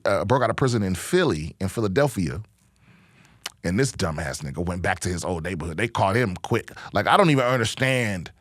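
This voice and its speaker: In clean studio audio without echo, a man with a mid-range voice hosts a podcast, launching into a rambling, foul-mouthed comedic rant. The comedian speaks in a loose monologue and frequently starts his thoughts over.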